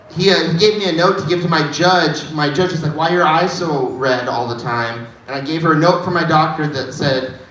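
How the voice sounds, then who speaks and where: A man's voice: on the high side, fairly bright tone. A man doing a stand-up set at an open mic, telling stories in a laid-back way with frequent "dude" asides. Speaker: stand-up comedian. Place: dive bar comedy room. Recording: echoey bar room, distant mic, faint noise.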